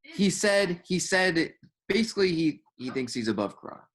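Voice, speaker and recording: A man's voice: high voice, big pitch swings, moderate pace, fairly bright tone. A young man co-hosting a podcast in casual chat, rambling with lots of filler words and swearing. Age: young adult. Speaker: podcast co-host.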